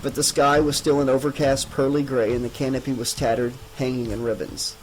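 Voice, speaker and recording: A man narrates a horror audiobook at a measured pace. His voice sits in a middle range and stays dramatic but controlled. Faint music plays beneath the reading. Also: mid-range voice, level tone, rough recording.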